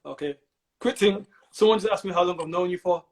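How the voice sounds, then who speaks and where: High-voiced Manchester man hosting. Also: brisk. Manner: relaxed, slangy. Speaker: host. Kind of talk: casual chat. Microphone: video call.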